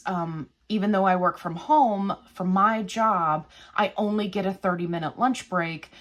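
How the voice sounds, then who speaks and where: A woman vlogger chatting casually at home, retelling a story in a rambling, animated way. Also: mid-range voice. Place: small old house, cooking at home.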